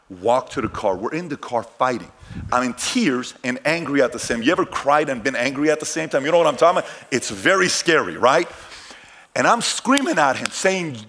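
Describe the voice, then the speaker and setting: A middle-aged man telling personal stories in a motivational talk, swinging from hushed lines to shouted ones. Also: mid-range voice. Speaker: keynote speaker.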